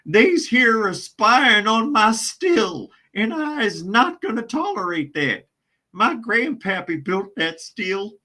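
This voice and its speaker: A rowdy old backwoods moonshiner hollers in a thick, exaggerated Southern hillbilly drawl. The voice is pitched far up and strained, nothing like an ordinary speaking voice, and he sounds like he is guarding his still. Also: sing-song, slow, pushed and bright, heavily acted. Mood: suspicious.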